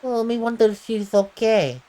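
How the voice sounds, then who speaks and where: A woman's voice: on the high side, lively intonation, moderate pace, dark tone, pitched above the performer's own voice, natural voice. Brief: woman voicing a simple, lisping cartoonish dog sidekick, voice pushed well up. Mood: worried. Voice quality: lisp, talks about itself as "me".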